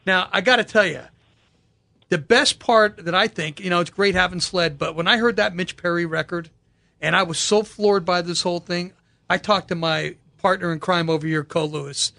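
A man's voice: high-pitched, steady tone, moderate pace, vocal fry, pushed and bright, no echo. A man hosting a radio show, telling stories in an enthusiastic, slangy, casual way.

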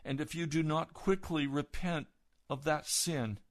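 A man's voice: a little high, fairly even intonation, measured pace. A man preaching a fervent sermon as a pastor, urgent and exhorting, rising to stern emphasis.

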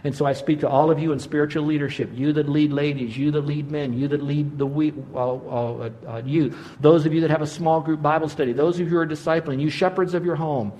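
A man's voice: fairly high pitch, steady tone, a little fast, few pauses, warm tone. A man preaching a sermon, moving through numbered points to an emphatic call for prayer. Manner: rising to emphatic exhortation. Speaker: pastor.

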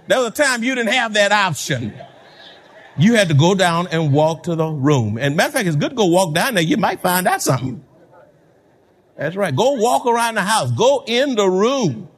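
A pastor preaching a sermon, animated, repeating words and laughing between points. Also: male voice, sits high, moderate pace.

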